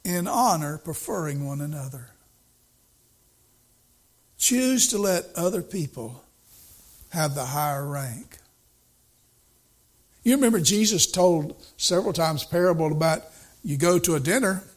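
A man's voice: on the high side, lively intonation, measured pace, long pauses. A male preacher giving a sermon in a folksy, storytelling way, repeating his points for emphasis.

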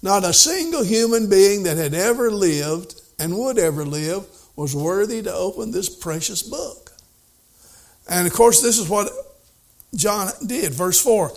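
Male preacher, slow delivery, high-ish voice, emphatic then hushed scripture reading. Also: animated, vocal fry. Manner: reads scripture aloud in old wording, then explains it plainly; voice rises and falls widely, at times emphatic, at times hushed. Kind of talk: sermon.

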